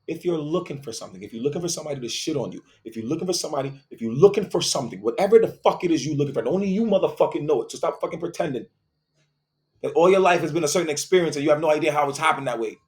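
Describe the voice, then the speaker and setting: A man's voice: on the high side, lively intonation, rapid-fire, a little mellow. A man delivering a profane, confrontational motivational monologue, preaching and repeating phrases for emphasis. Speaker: host.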